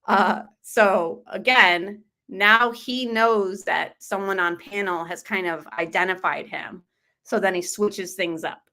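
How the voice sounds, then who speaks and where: A woman's voice: medium pitch, fairly even intonation, slow, pushed and bright. A woman hosting a true crime channel, talking casually over a replayed call-in show and greeting her live chat. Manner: chatty, reacts to live chat.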